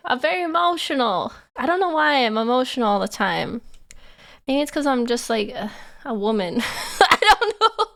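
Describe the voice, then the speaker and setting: A young woman streamer chatting casually with her viewers, excitable and laughing often. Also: high voice, vocal fry. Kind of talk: casual livestream chat.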